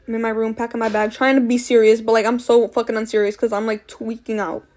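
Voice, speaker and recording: Young woman, casual storyteller, animated and profane, a bit high-pitched. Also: fast talker. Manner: swearing, animated retelling with quoted voices.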